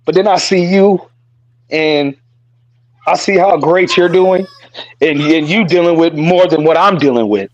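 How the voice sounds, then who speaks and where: A fairly high-voiced man talks in an earnest, repetitive way, cursing freely as he offers support. The sound is dry and close, with no room echo. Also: measured pace, pauses often, dull audio. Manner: earnest, repeats phrases, curses freely. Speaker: podcast co-host. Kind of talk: casual heartfelt podcast talk.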